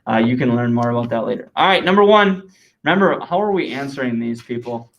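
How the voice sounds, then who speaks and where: A man teaching a classroom science lesson, lively and talking with students, dictating answers slowly and repeating them. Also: medium pitch, a little hiss or hum, low-quality recording.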